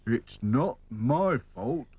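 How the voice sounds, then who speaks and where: A man's voice: medium pitch, expressive, very slow, slightly rough, no room sound, dull audio, voice pushed up, full character voice. A man voicing a glum, moaning male rag doll in a cartoon, with music underneath.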